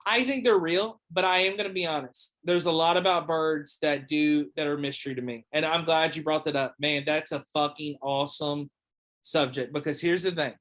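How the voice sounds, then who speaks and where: A man's voice: fairly high pitch, fairly even intonation, normal speed, a bit bright. A young man chatting casually on a podcast, rambling with lots of fillers and swearing. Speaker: podcast host or guest. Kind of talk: casual chat.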